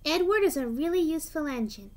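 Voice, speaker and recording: A woman's voice: high-pitched, animated, fast talker, darkish tone. A woman reading a children's train storybook aloud, adding chatty asides of her own between the narration.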